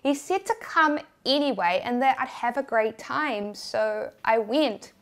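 A woman's voice: on the high side, animated, unhurried. A woman with a New Zealand accent voicing an embarrassed nineteen-year-old female coworker. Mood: sheepish. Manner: sheepish, apologetic.

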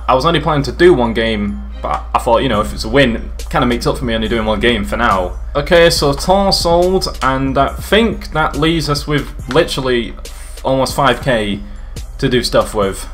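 A young man casually commentating his own football video game, excitable, swearing and shouting at the game. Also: mid-range voice. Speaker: gaming YouTuber.

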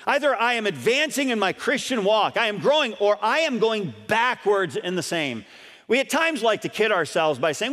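A man's voice: sits high, sing-song, moderate pace, sharp tone. A man pastor preaching a sermon earnestly, repeating key points and putting questions to his congregation. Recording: long reverb of a church hall.

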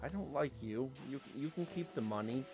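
A man in a mid-range voice narrating his own gameplay in a loose, chatty way. He talks straight to the creatures on screen and breaks off into sudden yelps and quick exclamations when something catches him off guard. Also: medium pitch, expressive, over music. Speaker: let's play host. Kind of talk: casual gameplay commentary.

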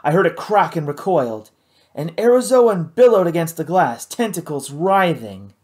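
An audiobook reader narrating a novel in the first person, measured and expressive. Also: mid-range voice.

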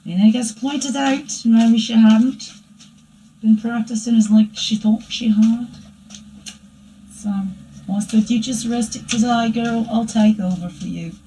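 A woman voicing her own playful alter-ego dark side, giving a rambling, chatty spiritual reading that keeps asking "right?". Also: fairly high pitch, steady tone, a little slow, a little hiss or hum, close to an everyday voice, poor audio. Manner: rambling and chatty, tagging "right?" onto lines. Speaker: spiritual reader. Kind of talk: spiritual daily energy reading.

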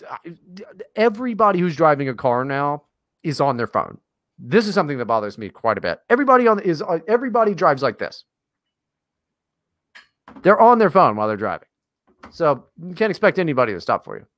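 A man's voice: a little high, big pitch swings, brisk, long pauses, a bit bright, no room sound, clean studio sound. A man co-hosting a podcast in casual chat, talking in a sarcastic, mocking, profane way. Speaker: podcast co-host.

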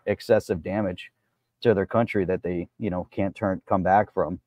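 A man co-hosting a casual talk show, giving steady commentary and short agreeing replies. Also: deep voice, moderate pace, dry recording. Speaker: co-host. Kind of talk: casual chat.

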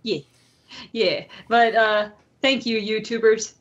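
A woman's voice: on the high side, steady tone, slow, dull audio. A woman with an upstate New York accent co-hosting a casual podcast, chatting and rambling with fillers. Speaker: podcast co-host.

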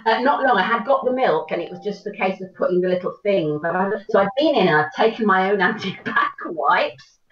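A middle-aged woman, an actor, telling stories in an animated way over a video call. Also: medium pitch, brisk, hardly any pauses. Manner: animated storytelling, laughs often. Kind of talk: casual chat. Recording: echoey distant dull call audio.

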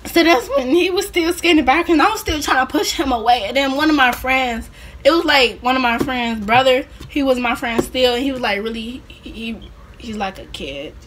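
A woman's voice: sits high, moderate pace, background noise. A young woman vlogger chatting casually through a rambling personal story, full of fillers and laughing asides.

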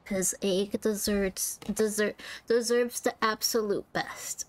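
A woman's voice: medium pitch, slow pace. A woman streaming a video game, chatting to her viewers with frequent giggles. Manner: giggly, chatty, talks to chat. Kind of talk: live game stream commentary.

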